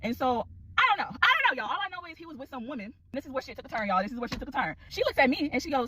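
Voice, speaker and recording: Fast, animated woman telling a story. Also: fairly high pitch, a little hiss or hum, rough recording. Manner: animated, exclaiming, addresses viewers as y'all. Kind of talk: casual storytime to camera.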